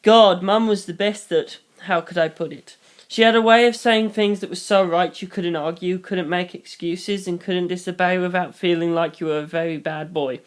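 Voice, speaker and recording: A reader narrating a novel in first person, brisk with wry asides. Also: medium pitch, fairly even intonation, smooth.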